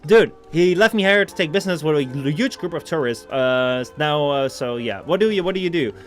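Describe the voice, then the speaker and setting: A man's voice: on the high side, lively intonation, brisk. A young man, streaming a video game in casual, rambling chat full of jokes, and sometimes reading the game text aloud. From Netherlands. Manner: rambling and joking, lots of 'like' and 'dude', reads game text aloud. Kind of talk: casual gaming commentary. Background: soft background music.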